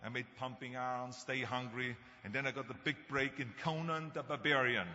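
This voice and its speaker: A man's voice: medium pitch, steady tone, normal speed, pushed and bright. Man with a German accent giving a joking speech. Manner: anecdotal, joking, emphatic. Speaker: commencement speaker. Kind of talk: humorous commencement speech. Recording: echoey hall, dull lo-fi sound, faint noise.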